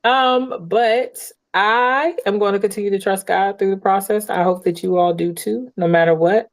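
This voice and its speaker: A woman's voice: medium pitch, steady tone, moderate pace. A woman hosting a casual podcast, laughing easily and speaking about faith and gratitude. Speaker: podcast host.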